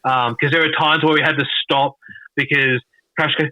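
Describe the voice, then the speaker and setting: An Australian man, a podcast guest, telling stories in a rambling, halting way with lots of restarts and swearing. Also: fairly high pitch, steady tone, background noise. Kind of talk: casual storytelling. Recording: dull lo-fi dry sound.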